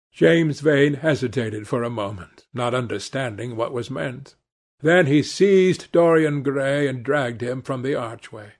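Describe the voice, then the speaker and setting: A man narrating a classic novel as an audiobook in a measured, dramatic reading. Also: mid-range voice. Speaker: audiobook reader.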